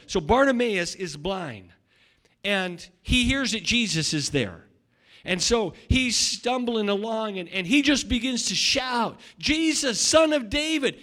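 A high-pitched middle-aged man preaches a sermon as a pastor, moving back and forth between loud shouting and soft asides. He regularly repeats words and begins phrases again.

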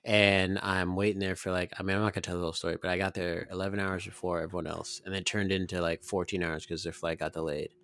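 A man's voice: deep voice, little pitch movement, quick pace, few pauses, fairly bright tone. A man co-hosting a podcast, telling rambling, self-deprecating stories in casual chat. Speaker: podcast co-host.

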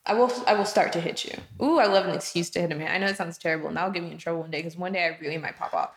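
A woman in casual, explicit chat, talking in an animated way, swearing and laughing often. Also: fairly low pitch, racing. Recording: echoey room.

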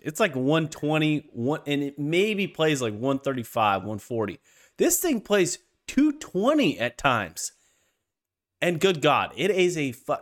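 Animated, profane man telling a golf story. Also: on the high side. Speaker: podcast co-host. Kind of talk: casual chat.

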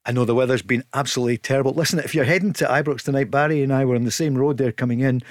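A man's voice: medium pitch, no echo. A Scottish man hosting a sports radio phone-in from a studio, joking and laughing with his guests. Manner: jokey, laughs often, quick to banter. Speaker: radio show host.

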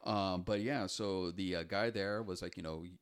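A young man with a fairly low voice co-hosts a casual podcast. He rambles along, packing his talk with "like" and "you know" and restarting his sentences. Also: steady tone, normal speed, clear, resonant tone. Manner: rambling, many fillers and restarts. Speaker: podcast co-host. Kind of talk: casual chat.

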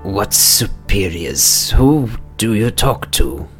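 A man's voice: fairly low pitch, very animated, a bit bright, faint music behind, heavily acted. Man playing a hissing lizardfolk guard. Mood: puzzled. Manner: slow hissing, whispery menace. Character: slow hulking male lizardfolk guard, wary. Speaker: game master voicing a guard.

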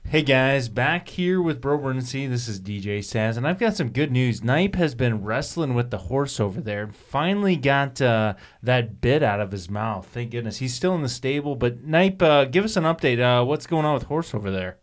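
A man co-hosting a medical podcast in a casual, halting way, with many filler words. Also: mid-range voice, expressive, a little hiss or hum. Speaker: podcast co-host, emergency physician.

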